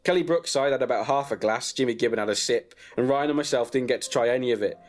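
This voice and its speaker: A man reading a crude comic story about himself in a deadpan way and breaking into laughs. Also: medium pitch, fast.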